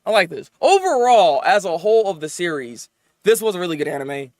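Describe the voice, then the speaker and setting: A man hosting a casual anime review, talking in an excited, rambling way, often laughing, stammering and acting out characters. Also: high voice, brisk, no room sound, clean studio sound.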